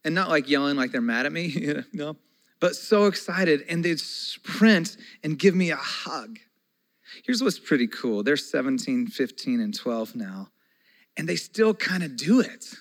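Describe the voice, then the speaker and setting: Preaching conversationally, this man in his forties moves from quiet, unhurried stretches to loud bursts of excitement. He's a pastor with a voice on the high side, captured in a low-quality recording.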